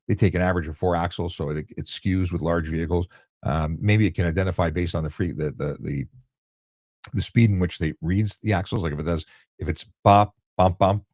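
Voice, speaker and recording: A blunt, deep-voiced man hosts a casual live Q&A, answering viewers in a loose, conversational way full of restarts and fillers. His voice sits very low and is picked up close and dry, with no room sound around it. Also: a little mellow, dry recording. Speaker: host answering viewer questions.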